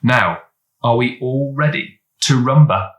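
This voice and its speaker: A man's voice: medium pitch, takes it slowly, natural voice. Man doing a purring italian dance host, showy and flirty, echoey. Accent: put-on Italian.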